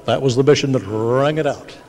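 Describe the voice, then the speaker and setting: An older man moderating a panel, narrating history to an audience in a measured storytelling way. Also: medium pitch, darkish tone. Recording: long hall reverb.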